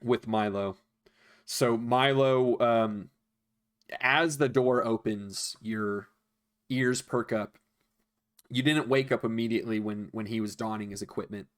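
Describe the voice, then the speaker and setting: A man running a tabletop game as game master narrates in a chatty, rambling way. He fills gaps with ums and searches for words, in a middle-pitched voice. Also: a little slow, long pauses. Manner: rambling, chatty, full of fillers.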